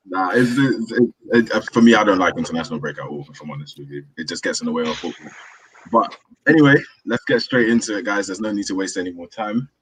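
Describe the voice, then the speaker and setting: A man's voice: fairly low pitch, expressive, brisk, poor audio. A man hosting a casual football podcast over a remote call, upbeat and rambling, laughing easily. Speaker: podcast host.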